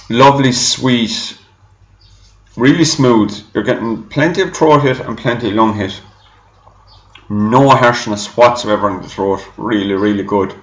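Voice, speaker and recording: A man's voice: lowish voice, creaky. A man giving a casual, rambling product review, chatting and correcting himself as he goes. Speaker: e-juice reviewer. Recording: echoey room, dull lo-fi sound.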